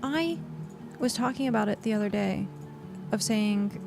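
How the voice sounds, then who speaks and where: A woman's voice: mid-range voice, lively intonation, unhurried, vocal fry, music in the background. A woman game streamer in casual, rambling livestream chat, thanking viewers and talking while she plays. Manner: chatty and rambling, with frequent fillers.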